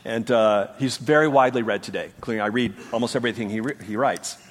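A man's voice: mid-range voice, fast. A man preaching a sermon as pastor, earnest and emphatic, with rhetorical questions to the congregation. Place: church sanctuary. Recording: church hall reverb.

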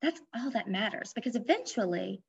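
A woman's voice: fairly high pitch, expressive, brisk, gravelly. A woman life coach in a casual podcast interview, speaking candidly and explaining with personal examples. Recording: dull lo-fi audio.

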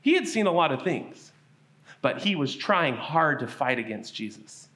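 Animated high-voiced children's preacher. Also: male voice, normal speed. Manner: animated, asks the kids questions. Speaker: children's church teacher. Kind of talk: Bible story for children.

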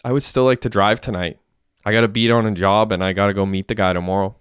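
A man's voice: on the low side, steady tone, fast talker, clean tone, no room sound, studio quality, lightly acted. A man voicing a desperate young male criminal who talks in an urgent, raw way. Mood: tense.

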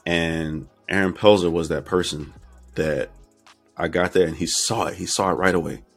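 A man's voice: deep voice, fairly even intonation, moderate pace, faint music behind. A middle-aged man from Florida, candidly recounting his life story as an interview guest and acting out remembered conversations. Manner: candid, reflective, acts out remembered dialogue. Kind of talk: personal storytelling.

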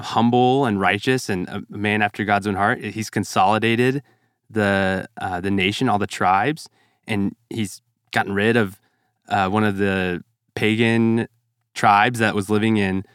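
A man calmly explaining a Bible passage on a podcast, measured and thoughtful, with small fillers. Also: lowish voice, clean tone, dry recording, clean studio sound. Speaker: podcast guest. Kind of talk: Bible discussion.

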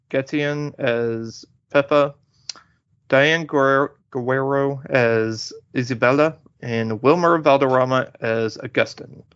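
In a casual movie-review chat, a man hosting a podcast rambles in a relaxed manner, restarting often and using plenty of fillers. His mid-range voice has a clean tone. The recording is dull, lo-fi, and dry.

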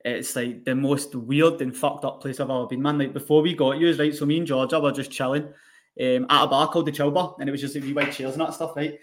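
A man's voice: medium pitch, steady tone, fast. A young man telling a rowdy story with lots of swearing and laughter, as a podcast co-host in casual chat. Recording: echoey room.

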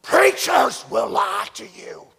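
An older man preaching a sermon, swinging between loud shouting and quiet storytelling. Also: high voice, moderate pace, big-room sound. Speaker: pastor.

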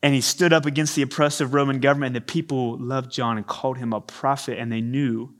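A man's voice: mid-range voice, fast talker. A man preaching a sermon from a church stage into a microphone, acting out the voices he quotes. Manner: animated, acts out quoted voices. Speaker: pastor. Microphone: handheld or stage microphone.

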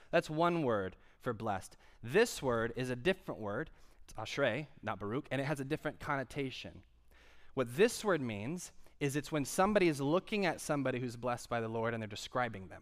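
A man's voice: mid-range voice, fairly bright tone. A male pastor giving a conversational sermon, asking the congregation questions as he goes. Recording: long hall reverb.

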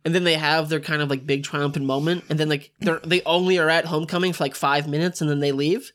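A man's voice: a little high, steady tone, fast, fairly bright tone. Casual man hosting a movie podcast. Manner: laughing, joking banter. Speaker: podcast host. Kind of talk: casual chat.

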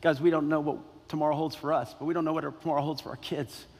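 High-voiced pastor preaching in a reverberant hall. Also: male voice, fairly even intonation, fast talker, a little mellow. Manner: emphatic, repeats key phrases, asks the congregation questions. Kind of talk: sermon. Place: church sanctuary. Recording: long reverb in a large hall.

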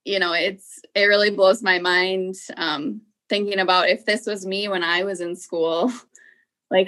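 A woman's voice: medium pitch, fairly even intonation, measured pace, fairly bright tone. A woman educator speaking about her students in an earnest, casual way with many fillers. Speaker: educator on a panel. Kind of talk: casual reflective talk.

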